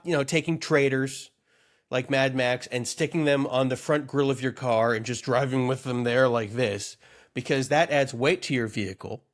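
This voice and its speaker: A man co-hosting a comedy podcast, riffing in a rambling, mock-earnest way. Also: mid-range voice. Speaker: podcast co-host. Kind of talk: comedic casual chat.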